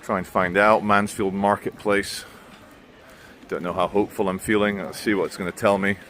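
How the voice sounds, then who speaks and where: A man's voice: fairly low pitch, level tone, moderate pace, a bit bright. A man giving blunt, sarcastic commentary in a vlog while walking outdoors through town streets. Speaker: vlogger.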